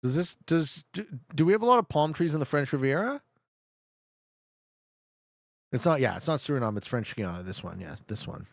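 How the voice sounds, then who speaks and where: Young male streamer, jokey running commentary, expressive pitch, close and dry. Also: fast talker, gravelly, dry recording. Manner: joking, talks back to his chat. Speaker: streamer playing a geography guessing game. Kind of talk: casual live gameplay commentary.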